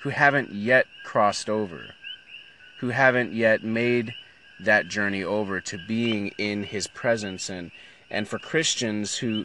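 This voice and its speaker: Brief: thoughtful, hesitant middle-aged man, deep voice, unhurried. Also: fairly bright tone, slight background noise. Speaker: Christian speaker. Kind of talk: reading aloud and reflecting.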